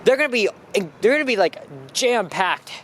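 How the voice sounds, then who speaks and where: A vlogger's high-pitched voice carries casual, animated commentary at a moderate pace as he walks outdoors on a busy street. He keeps trailing into fillers and restarting sentences, speaking into a handheld camera mic over loud traffic and buses.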